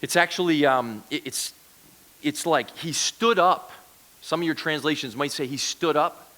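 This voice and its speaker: A man's voice: a little high, measured pace, bright, forceful tone. A man giving a conversational sermon as a guest preacher, asking the congregation questions. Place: church.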